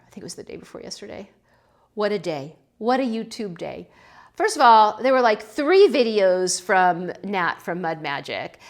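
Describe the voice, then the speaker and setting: A middle-aged woman from California chatting casually about her pottery and a local winery, emotional and laughing as she fights back tears. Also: mid-range voice. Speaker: pottery vlogger. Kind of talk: casual chat.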